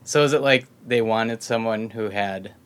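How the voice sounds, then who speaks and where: A man hosting an interview who asks curious, relaxed questions and laughs along with his guest. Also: lowish voice, moderate pace, clean tone. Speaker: podcast host.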